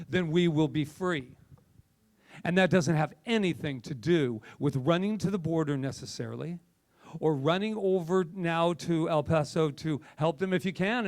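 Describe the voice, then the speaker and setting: A male minister delivers an impassioned, conversational sermon, his voice gravelly and a little high. He swings between hushed reflection and fired-up exhortation.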